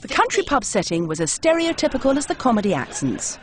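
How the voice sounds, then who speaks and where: A woman's voice: high voice, very animated, fast talker. A woman narrating a documentary in a wry, mocking scripted voice-over. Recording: voice-over with music behind.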